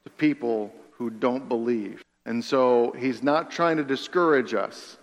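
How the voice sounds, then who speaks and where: A man's voice: medium pitch, measured pace. Man preaching in a reverberant hall. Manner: earnest, repeats phrases for emphasis, drops to a hush on key lines. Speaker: pastor. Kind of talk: sermon.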